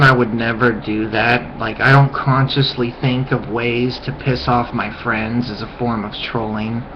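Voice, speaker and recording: A young man ranting casually to his webcam, rambling with lots of "like" fillers and dropping to a low mutter at times. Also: slight background noise. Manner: mocking high-pitched yelps when imitating friends. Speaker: vlogger. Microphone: webcam mic. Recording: dull lo-fi webcam audio.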